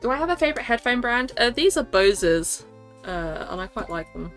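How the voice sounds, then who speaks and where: A woman's voice: a little high, very animated, normal speed, music in the background. A woman streaming live, chatting casually with a scattered, self-interrupting manner and frequent laughter. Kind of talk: casual livestream chat.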